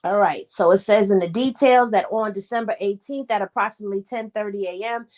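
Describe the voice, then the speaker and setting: A woman co-hosting a casual chat, reading documents aloud and breaking off for quick asides. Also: mid-range voice, a little mellow. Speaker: co-host.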